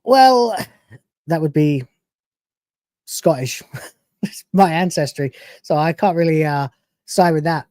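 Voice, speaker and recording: A woman's voice: deep voice, slow pace, long pauses, dark tone, no echo, clean studio sound. A woman hosting a reaction channel, giving sarcastic, profane, mocking commentary over clips.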